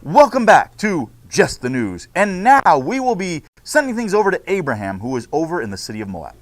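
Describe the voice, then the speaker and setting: A man's voice: a little high, sing-song, fairly quick, dry recording. A man voicing a male news anchor, speaking in a formal announcer manner.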